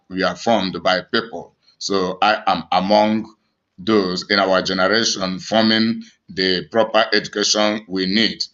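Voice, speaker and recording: A man's voice: lowish voice, pushed and bright, lo-fi sound. A man with a Nigerian accent, an evangelist preaching emphatically to his online audience, with many restarts and fillers. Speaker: evangelist and channel host.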